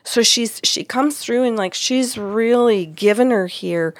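A woman, a psychic medium, telling a story from a client session in casual chat, lively and expressive, acting out what people said with big jumps in pitch. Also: a little slow, no echo.

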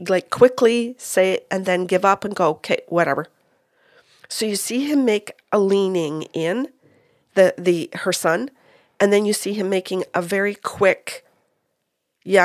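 Woman, lowish voice, medium telling a story, quotes others, halting restarts, dry close sound. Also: no room sound. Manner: retells dialogue in quotes, many restarts. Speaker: medium recounting a reading. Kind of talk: casual storytelling.

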